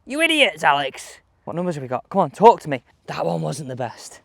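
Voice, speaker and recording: A middle-aged man with a fairly high voice, giving casual golf-coach commentary on a range. He is animated and chats to himself between shots, and the sound is close and dry. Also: fairly quick, gravelly, hardly any pauses, dry recording.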